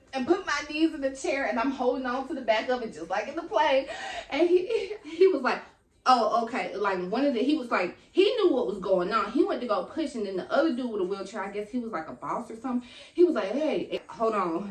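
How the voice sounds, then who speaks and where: A young woman telling a long, animated story in casual slang and acting out what people said. She is a little out of breath. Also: mid-range voice. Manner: animated, slangy, acts out quotes. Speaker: vlogger. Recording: echoey room, mic at a distance.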